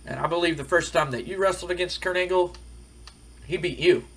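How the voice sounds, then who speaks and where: A man voicing an arrogant veteran male wrestler who talks in a smug, dismissive way, with a husky voice. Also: high voice, a little fast, a bit bright, pitched above the performer's own voice, exaggerated voice.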